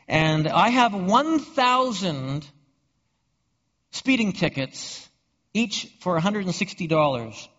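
A man's voice: high-pitched, animated, takes it slowly, fairly bright tone. A man preaching a sermon as pastor, asking rhetorical questions and often repeating words as he goes. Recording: dull reverberant hall recording.

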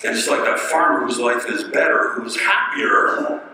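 A man preaching a sermon in a conversational way, with pauses and rhetorical questions, recorded from a distance in an echoey hall. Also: a little high, very animated, sharp tone, slight background noise.

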